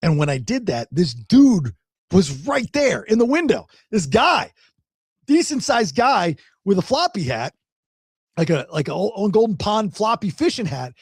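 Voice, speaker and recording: Husky and pitched high, this man speaks unhurriedly as a podcast host spinning a long, rambling tale in casual conversation. He repeats words and livens up whenever he quotes someone. There's no echo, and the audio is studio quality.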